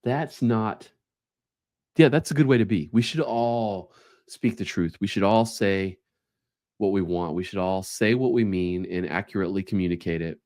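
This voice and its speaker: A man's voice: low voice, moderate pace, darkish tone, dry recording, studio quality. A man hosting a solo podcast, reading short quotes aloud and reflecting on them in a casual, thoughtful way. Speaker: podcast host.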